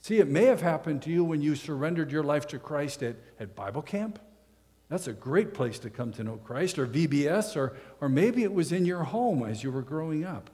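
A man's voice: a little high, animated, moderate pace, darkish tone. A man preaching a sermon as pastor, in a conversational style that leans on rhetorical questions. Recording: long hall reverb.

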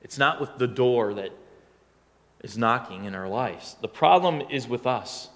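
A man's voice: medium pitch, animated, unhurried, a bit bright, in a large hall. A male pastor preaching a sermon in a conversational, storytelling way that now and then swells into emphatic lines.

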